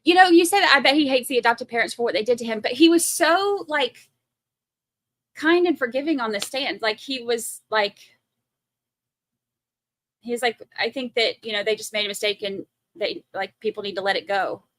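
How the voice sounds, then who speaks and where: A woman's voice: fairly high pitch, normal speed, a bit bright, no echo. A woman in her forties with a Southern US accent, rambling and chatty as she hosts a casual livestream commentary. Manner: chatty, rambling, heavy on fillers. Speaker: livestream host.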